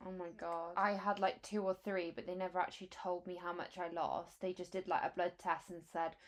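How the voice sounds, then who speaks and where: Female podcast host, lowish voice, conversational, quick follow-up questions. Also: flat delivery. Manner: short reactive questions and comments. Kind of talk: conversational interviewing.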